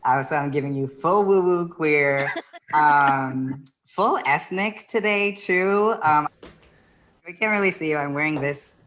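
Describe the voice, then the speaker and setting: A woman born in the Philippines performing a virtual stand-up set over a video call, rambling and giggling mid-sentence and dropping into soft, quiet asides. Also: deep voice, a little slow. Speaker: stand-up comedian.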